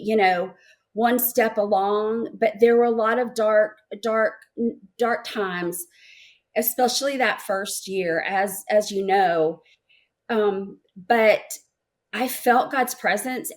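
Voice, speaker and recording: Speaking at a medium pitch, a middle-aged woman gives an emotional personal testimony as a guest in an interview. She halts and repeats words as she goes.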